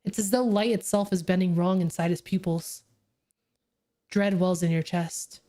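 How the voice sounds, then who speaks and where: A woman's voice: fairly low pitch, steady tone, moderate pace, dark tone. Giggly young woman streaming a game. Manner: laughs often, swears, chats to her cat mid-game. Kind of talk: live-stream game playthrough, reading the story aloud.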